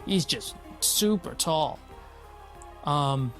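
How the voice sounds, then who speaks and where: A man casually recapping a wrestling show, blunt, opinionated and quick to swear. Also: fairly high pitch, expressive, a bit bright, soft background music.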